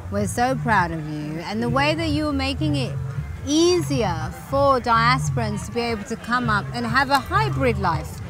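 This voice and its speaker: A woman's voice: on the high side, expressive, moderate pace, music in the background. A woman with a British accent, chatting as a guest in a casual conversation, effusive and enthusiastic.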